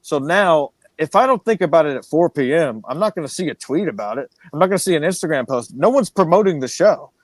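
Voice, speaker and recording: A man co-hosting a podcast who rants quickly and swears freely. His voice sits a little high for a man, and the dry, close recording has no room sound. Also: lively intonation, no echo. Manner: fast, ranting, profane. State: angry. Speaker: podcast co-host. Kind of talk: casual profane podcast banter.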